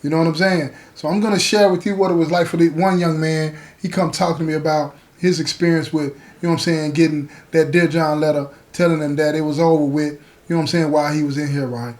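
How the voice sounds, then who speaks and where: High-voiced man telling a story. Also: fairly even intonation, quick pace, darkish tone. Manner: folksy, repeats "you know what I'm saying". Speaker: podcast host. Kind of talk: conversational storytelling.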